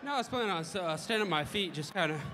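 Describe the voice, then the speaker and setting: A man giving a quiet, brief, low-key post-fight interview. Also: expressive, very fast, in a large hall, background noise. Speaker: winning fighter.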